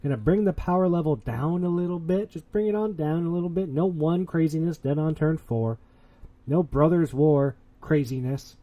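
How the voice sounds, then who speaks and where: A man's voice: on the high side, moderate pace, phone-quality sound. A man hosting a casual podcast, talking in a boastful, hyped-up, playful way. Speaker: podcast host.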